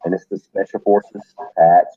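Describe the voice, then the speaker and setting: A middle-aged man with a very deep, husky voice tells a blunt, salty story to friends. He is a retired soldier and bar owner, talking loosely and bluntly. The sound is tinny and dry, like a phone line in a close space. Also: measured pace. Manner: blunt, profane, animated anecdote teller. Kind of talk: casual storytelling among friends.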